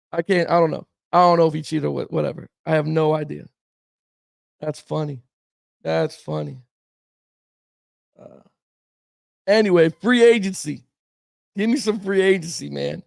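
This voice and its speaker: A man's voice: high voice, creaky, dry recording, studio quality. A man hosting a casual sports talk show, rambling and reacting to viewer comments with chuckles, peppering his talk with "man" and "bro".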